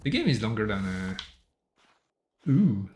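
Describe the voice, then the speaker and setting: A man's voice: lowish voice, big pitch swings, slow, darkish tone, a little hiss or hum. A French-accented man with a slightly sore throat, chatting in a rambling, self-amused way while streaming as a solo game developer. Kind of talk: casual livestream chat.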